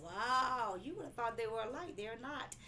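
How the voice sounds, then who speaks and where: Woman preacher, emphatic and repetitive, high and bright, live stream with faint noise. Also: moderate pace. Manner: emphatic, animated, repeats phrases, breaks into laughing cries.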